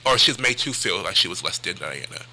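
A man's voice: deep voice, lively intonation, quick pace, creaky, sharp tone, a little hiss or hum, rough recording. A man talking as a music historian guest on a radio show, hesitant and using fillers. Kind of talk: radio interview answers. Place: radio studio.

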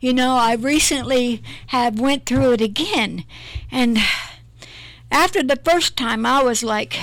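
A woman's voice: high-pitched, slow, a bit bright, dry recording. Woman, minister, middle-aged, earnest, emotional, repeats words, dry recording. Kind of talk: personal testimony in an interview.

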